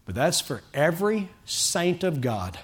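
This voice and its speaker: A man preaching a sermon to his congregation as pastor, fervent and rising to loud pleading calls. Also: a little high, big pitch swings, a little slow, breathy edge. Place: church sanctuary with a congregation.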